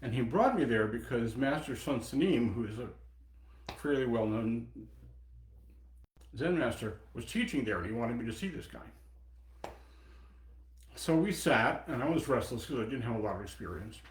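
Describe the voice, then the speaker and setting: A man's voice: medium pitch, animated. Reflective seventy-year-old man in echoey room. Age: 70s. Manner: reflective, pausing, personal. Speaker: Buddhist teacher. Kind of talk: dharma talk.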